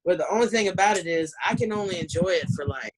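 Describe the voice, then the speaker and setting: A woman's voice: on the low side, animated, quick pace, husky. A woman with a Southern US accent doing a brash, profane stand-up set over a video call from home. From Southern United States. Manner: brash, ranting, profane, laughs between lines. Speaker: stand-up comedian. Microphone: computer mic on a video call.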